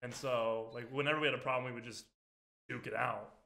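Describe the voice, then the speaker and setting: Bright-voiced young man, chatty host. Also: medium pitch, steady tone, brisk, vocal fry. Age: 20s. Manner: chatty, peppers speech with "like" and "dude". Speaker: podcast host. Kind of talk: casual chat.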